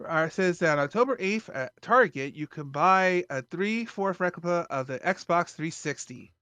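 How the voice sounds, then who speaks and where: A man's voice: high voice, lively intonation, measured pace, sharp tone, smooth, dry recording. A man hosting a casual podcast, rambling with lots of fillers. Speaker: podcast host.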